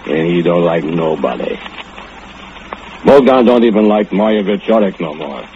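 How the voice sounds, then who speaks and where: An actor playing a drunken, murderous foundry laborer who speaks in broken English and gloats with low chuckles, in an old-time radio drama. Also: male voice, expressive, measured pace, warm tone, a little hiss or hum. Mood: gloating. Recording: muffled old radio recording with music.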